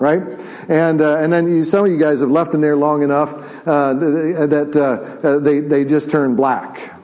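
Mellow-voiced pastor preaching. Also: male voice, fairly high pitch, poor audio. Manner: conversational with repeated restarts and "right?" asides; drops to slow, quiet, drawn-out delivery for solemn points. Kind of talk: sermon.

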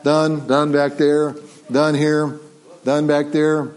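Lively pastor leading a family sermon. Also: male voice, on the high side, slow pace. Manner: lively, interactive, coaching the congregation. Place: church sanctuary.

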